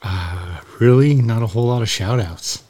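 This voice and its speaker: A man's voice: fairly low pitch, moderate pace, dark tone, faint music behind. A man co-hosting a casual podcast, describing a scotch's taste in lingering, descriptive detail. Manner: lingering, descriptive tasting talk. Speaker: podcast co-host. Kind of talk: casual chat.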